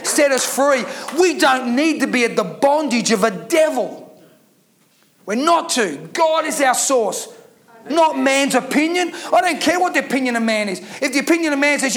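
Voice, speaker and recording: A man delivering a sermon from the pulpit, his voice sitting very high. He preaches with emphasis, repeating key words and throwing rhetorical questions at his church. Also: lively intonation, normal speed, a bit bright. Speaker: pastor.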